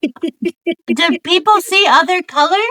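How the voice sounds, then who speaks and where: A woman's voice: very high-pitched, takes it slowly, bright, forceful tone, no echo, studio quality. A woman playing in a tabletop game, asking playful questions in a casual way. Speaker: player.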